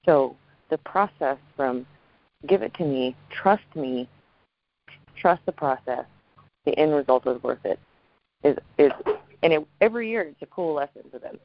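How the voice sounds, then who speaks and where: A woman co-hosts a podcast and tells family stories in a warm, anecdotal way, laughing as she goes. The recording sounds somewhat dull and muffled. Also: low voice, lively intonation, normal speed, long pauses, no echo. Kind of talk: casual storytelling chat.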